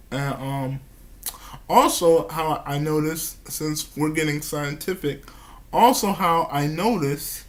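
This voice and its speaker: A man talking about his personal life in a vlog, halting and stammering, repeating his words and giggling nervously between phrases. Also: a little high, fairly bright tone. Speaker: vlogger.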